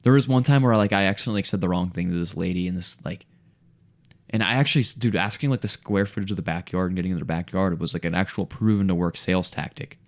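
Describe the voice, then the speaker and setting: A young man, a podcast guest, telling a story in a casual, animated way and saying "dude" a lot. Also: low-pitched, fast.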